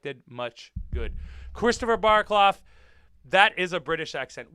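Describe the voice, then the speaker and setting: Man, wrestler host, casual stream talk; animated, crisp voice, jokey and profane. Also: high voice, measured pace, no room sound, clean studio sound. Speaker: wrestler hosting a livestream. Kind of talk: casual livestream chat reading comments.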